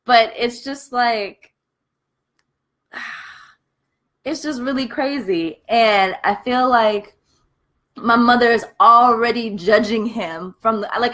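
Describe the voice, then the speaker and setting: A young American woman vlogging casually, telling her story in a candid, profane, animated way while eating between sentences. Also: fairly high pitch. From United States. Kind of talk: casual vlog chat.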